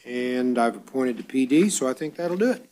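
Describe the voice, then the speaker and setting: A man presiding as judge at a court bond hearing, reading charges briskly and dropping dry wisecracks. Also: medium pitch, animated, very noisy.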